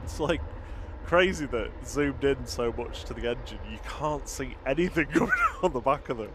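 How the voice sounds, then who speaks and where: A casual man talks through a live broadcast and greets viewers warmly by name. He laughs easily and speaks at an ordinary middle pitch. Clear outdoor noise from vehicles sits behind his voice. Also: normal speed. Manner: chatty, reads out viewer comments, laughs easily. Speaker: livestream co-host. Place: outdoors by an airport runway. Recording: outdoor noise, aircraft and traffic.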